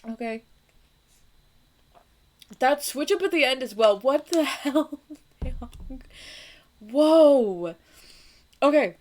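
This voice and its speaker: A woman's voice: high-pitched, animated, drawn-out words, long pauses, a little mellow. A young woman hosting a music reaction video, chatting casually and emotionally, laughing often and swearing now and then.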